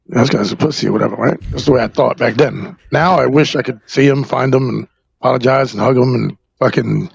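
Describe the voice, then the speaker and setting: A man from New Jersey tells a hard personal story on a podcast, his voice heavily gravelly and husky. He rambles and halts, circling back through fillers and swearing. The sound is dry and a little dull. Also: mid-range voice, no echo. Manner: halting, rambling, with frequent fillers and profanity. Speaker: podcast guest.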